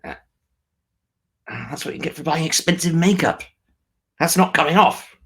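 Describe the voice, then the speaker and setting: A man's voice: a little high, lively intonation, normal speed, a bit bright, low-quality recording. A man hosting a comic online auction, bumbling and hesitant with many fillers but playful. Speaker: comedy auctioneer host.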